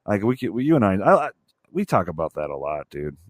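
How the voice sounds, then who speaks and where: A man's voice: sits low, big pitch swings, fast, no room sound, studio quality. A young man co-hosting a podcast, talking with emphatic enthusiasm and the occasional swear. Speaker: podcast co-host. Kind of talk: casual movie review chat.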